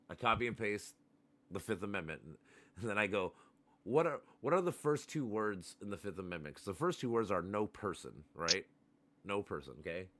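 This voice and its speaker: A low-voiced man hosts a casual livestream. He rants with heat, swearing often as he argues his point. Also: fairly bright tone. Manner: heated, profane ranting. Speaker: livestream host. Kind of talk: casual chat.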